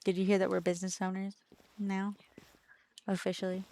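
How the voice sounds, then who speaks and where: A woman's voice: mid-range voice, monotone, normal speed, warm tone. A woman streaming as a VTuber, chatting casually and playfully with her viewers in a teasing, talkative way.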